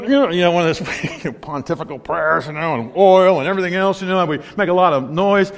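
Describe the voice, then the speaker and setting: High-voiced preacher in a reverberant hall. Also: male voice, quick pace, hardly any pauses. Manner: storytelling, swings from loud emphatic to hushed. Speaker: pastor. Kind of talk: sermon.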